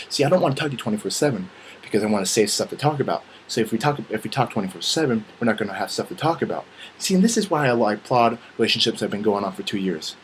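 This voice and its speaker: A man's voice: lowish voice, quick pace, a little hiss or hum, poor audio. A young man ranting casually and comically, with lots of swearing, acting out bits of dialogue as he goes. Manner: profane, animated, acts out quoted dialogue. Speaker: vlogger. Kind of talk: casual comedic rant.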